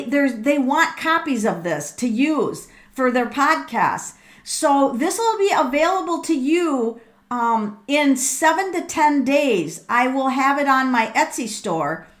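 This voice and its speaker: A middle-aged woman hosting a live tarot reading, excitable and thinking aloud with frequent ums and repeated words. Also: high voice. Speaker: tarot reader and livestream host.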